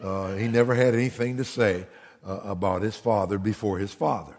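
Male pastor, gravelly husky voice, animated storytelling, echoing church hall. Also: fairly low pitch, brisk. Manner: animated, rises to near shouting in stories. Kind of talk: sermon storytelling.

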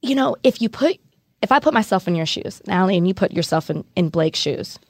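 A woman's voice: mid-range voice, expressive, a little fast, darkish tone, no room sound. A woman co-hosting a podcast, outspoken and blunt in casual chat. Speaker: podcast co-host.

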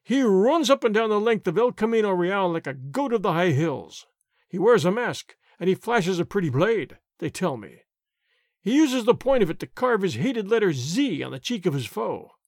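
A man voicing a big, hot-tempered army sergeant who roars and blusters in a booming voice, in an audiobook reading. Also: sing-song, normal speed, dry recording, clean studio sound. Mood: boastful.

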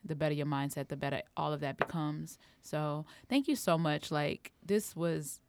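A woman's voice: sits low, moderate pace, noisy background. A woman, a comedian hosting a podcast, telling stories expressively with frequent laughs. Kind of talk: casual chat.

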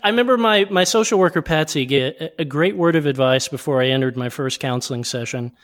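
Earnest man, slightly high voice, guest speaker. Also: fairly bright tone. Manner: earnest, quick when recounting stories. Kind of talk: conversational interview.

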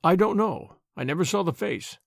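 A man voicing a troubled railway signalman who speaks in a low, hushed and grave way. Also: animated, moderate pace, vocal fry, no room sound, clean studio sound, heavily acted. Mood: uneasy. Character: haunted, troubled middle-aged male railway signalman.

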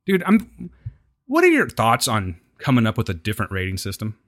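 A man's voice: mid-range voice, wildly swooping pitch, a little fast, a bit bright. A man co-hosting a podcast, chatting casually and teasing his co-host with frequent laughs. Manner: playful, teasing, laughs often.

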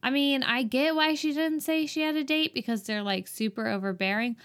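A woman's voice: high voice, brisk, fairly bright tone. A woman co-hosting a casual movie chat, sarcastic and exasperated. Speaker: podcast co-host reviewing a movie.

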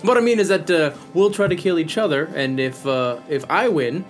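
A man's voice: on the high side, normal speed, faint music behind. A man playing a tabletop game, speaking in character in a genteel, formal manner. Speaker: player.

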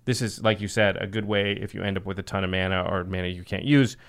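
A man's voice: low-pitched, steady tone, fast, smooth. A man hosting a casual podcast chat, explaining card game decks at length and laughing easily. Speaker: podcast host.

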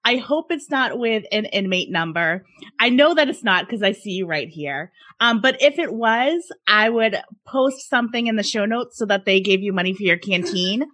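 A woman's voice: mid-range voice, lively intonation, normal speed, a bit bright. A woman hosting a podcast who talks in a teasing, playful way. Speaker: podcast host. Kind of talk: casual podcast chat.

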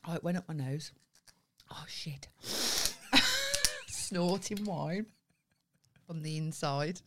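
A woman's voice: low-pitched, slow, very noisy. A woman, co-hosting a casual chat over wine, blunt, sweary and teasing. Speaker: podcast co-host.

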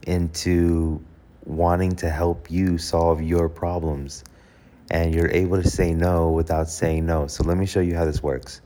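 A man hosting a casual advice talk speaks to camera in a low, dark voice about how to handle requests. Conversational in style, he corrects himself and acts out short sample exchanges.

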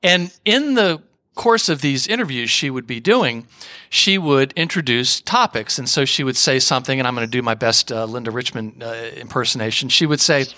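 A man hosting a podcast interview, asking questions in a measured, conversational way. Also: mid-range voice, animated, sharp tone, no echo, studio quality. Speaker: host.

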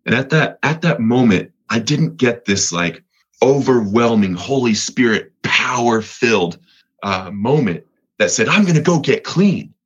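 A man's voice: mid-range voice, a little slow, husky, muffled recording. A man from Colorado, earnest and repetitive, telling his story of getting clean as an interview guest. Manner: earnest, repeats words, voice rises when reliving moments. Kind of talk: personal testimony in an interview.

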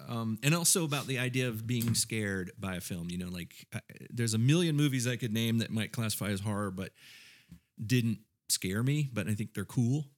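A man on a casual panel talk about horror films, rambling with many fillers and restarts, who grew up in the American South. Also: mid-range voice. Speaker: podcast panelist. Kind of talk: casual chat.

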